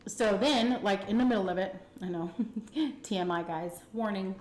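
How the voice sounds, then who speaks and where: A woman's voice: medium pitch, moderate pace. Chatty Texan woman in an echoey room. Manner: candid, chatty, animated retelling with frequent fillers. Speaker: food vlogger telling a story. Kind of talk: casual storytime chat.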